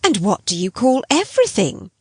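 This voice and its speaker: A woman's voice: a little high, sing-song, moderate pace, a little hiss or hum, pitched above the performer's own voice. A woman voicing an anxious, devoted older housekeeper who speaks with pleading emotion in an audiobook reading.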